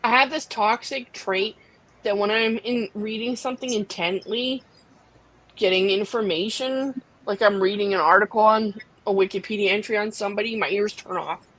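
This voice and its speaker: A woman's voice: medium pitch, normal speed, a bit bright, low-quality recording. A woman chatting casually as co-host on a live stream, in a self-deprecating way.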